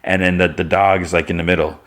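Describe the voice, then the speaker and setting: A man's voice: deep voice, flat delivery, brisk, fairly bright tone. A man hosting a podcast, casually retelling an episode with plenty of filler words. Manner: rambling, filler-heavy retelling. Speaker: podcast host.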